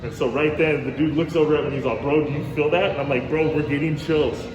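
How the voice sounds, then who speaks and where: A hotel manager recounts a ghost tale over music, speaking a little high and at a quick pace, animatedly acting out quoted lines and peppering in "bro" and "dude." The reverberant recording comes across muffled.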